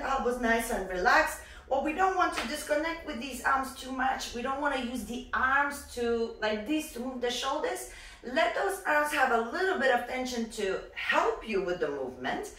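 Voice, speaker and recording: Lively woman teaching dance, echoey room. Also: sits high, distant mic. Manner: lively, counts beats aloud. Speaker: dance instructor. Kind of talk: upbeat dance tutorial.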